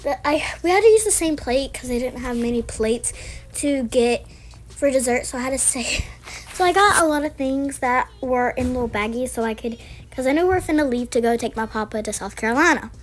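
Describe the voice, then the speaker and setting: Woman, high voice, casual storytime vlog, rambling and chatty. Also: expressive, brisk, rough recording. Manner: rambling, chatty, with many restarts and fillers. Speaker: vlogger.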